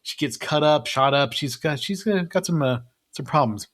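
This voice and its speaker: A man's voice: fairly high pitch, lively intonation, moderate pace, a bit bright. A man co-hosting a casual movie podcast, rambling through the cast list with frequent chuckles and fillers. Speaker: podcast co-host.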